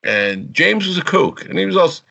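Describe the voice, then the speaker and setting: A man's voice: sits high, a little fast, creaky, lo-fi sound. A man telling police stories in a casual chat, acting out the voices of the people he describes. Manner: animated storyteller, acts out quotes.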